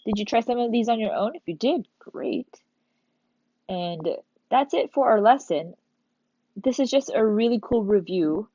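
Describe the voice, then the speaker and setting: A woman teacher walking young pupils step by step through a recorded lesson, in an animated manner. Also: mid-range voice, no echo, highs cut off. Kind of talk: recorded remote class lesson.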